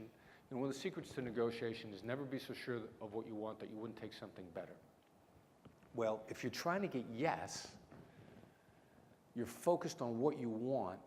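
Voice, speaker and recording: A man's voice: medium pitch, a little mellow. Emphatic man with Midwestern-New York accent. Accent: mix of small-town Midwestern and New York City. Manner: punchy, emphatic storytelling with dramatic pauses. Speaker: keynote speaker, negotiation expert. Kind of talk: conference keynote storytelling. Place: large lecture hall. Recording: hall reverb, faint room noise.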